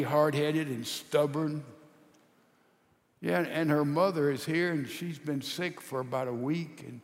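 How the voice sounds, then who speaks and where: A man acting out a tired middle-aged fisherman-apostle, talking low and soft as he thinks back on his own stubbornness. The words trail off in a long church reverb. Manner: quiet, musing, self-reproaching.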